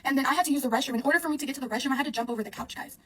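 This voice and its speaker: Young woman, rapid-fire delivery, slightly high voice, rambling storytime, lots of filler and swearing. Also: fairly bright tone. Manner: rambling, heavy use of "like", frequent swearing. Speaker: vlogger. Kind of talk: casual storytime monologue.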